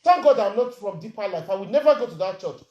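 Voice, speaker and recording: A woman's voice: mid-range voice, expressive, fast, mellow, dull audio. Indignant Nigerian woman ranting, echoey room. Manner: indignant, rhetorical questions, mixes Pidgin and English. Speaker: social media commentator. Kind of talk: angry vlog rant.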